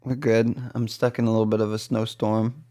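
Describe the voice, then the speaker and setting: A man's voice: fairly low pitch, flat delivery, brisk, dark tone. A man with a Boston accent, co-hosting a casual podcast and rambling through stories with many restarts. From East Coast US. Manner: rambling, self-correcting storyteller. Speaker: podcast co-host. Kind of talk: casual chat.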